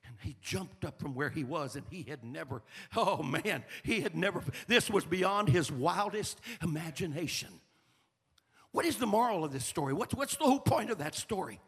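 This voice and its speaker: A middle-aged man, preaching a sermon in a folksy storytelling way that rises into shouted fervor. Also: a little high, expressive, moderate pace, husky. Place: church sanctuary. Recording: long reverb of a large hall.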